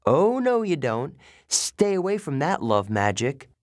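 A man playing a bossy, sharp preteen girl. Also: a little high, big pitch swings, a little slow, no echo, clean studio sound, pitched above the performer's own voice. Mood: scolding. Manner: scolding, exasperated.

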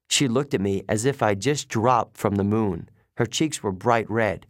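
A man narrating a first-person audiobook in an expressive, wry storytelling manner from a recording booth. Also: on the low side, normal speed, few pauses, no room sound, clean studio sound.

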